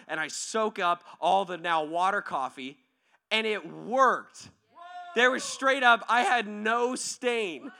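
Young pastor, higher bright voice, animated story-driven casual sermon, keeps asking the crowd. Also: male voice. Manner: animated, talks to the crowd, tags lines with "right?".

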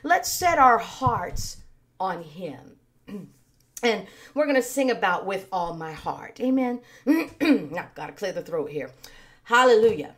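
A woman leading an online worship service, preaching in an earnest, conversational way with a slightly raspy voice. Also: medium pitch, sing-song, slow. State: a little raspy. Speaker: worship leader. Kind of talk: sermon with worship singing.

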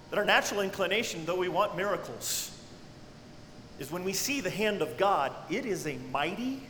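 A man preaching a sermon with great dynamics, dropping to hushed tones and then rising to cries. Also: high voice, slight background noise. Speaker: pastor. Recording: echoey hall with long reverb.

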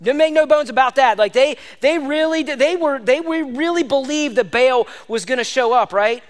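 Man, pastor, sermon, emphatic, repeats for stress, high voice, reverberant church hall. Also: normal speed.

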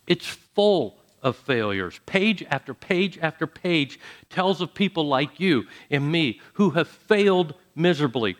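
A man's voice: sing-song, measured pace. Emphatic male pastor preaching. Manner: dramatic, swings between soft low phrases and loud emphatic ones. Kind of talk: sermon.

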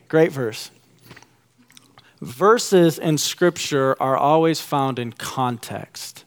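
A male pastor in his thirties preaches with a voice pitched a bit above most men's. He is animated, and his voice climbs high and excited when he acts out the people he quotes. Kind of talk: sermon.

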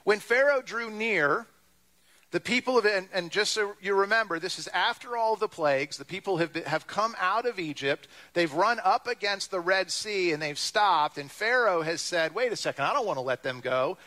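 A man's voice: high-pitched, normal speed, few pauses. A man preaching a sermon, reading scripture and retelling it with wry humor and acted-out voices. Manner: lively, wry, acts out quoted voices. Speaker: pastor.

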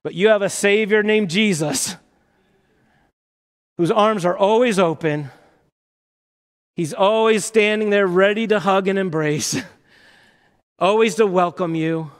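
A man's voice: high voice, measured pace, pauses often. A man preaching a sermon as pastor, passionate and emphatic, full of rhetorical questions. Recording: reverberant church hall.

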